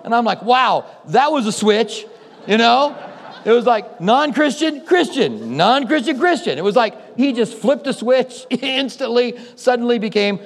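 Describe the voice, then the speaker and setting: High-voiced pastor preaching in a reverberant hall. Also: male voice, expressive, a little slow. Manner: conversational storytelling with acted-out quotes. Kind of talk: sermon.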